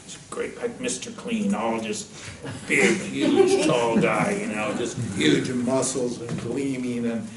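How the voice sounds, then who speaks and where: Guy giving a spiritual talk, lively jokey storytelling, sounds far off in a big echoey room. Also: mid-range voice, slow, gravelly, a loud crowd. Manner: lively, jokey storyteller who laughs at his own jokes. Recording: roomy, distant mic, faint ambience.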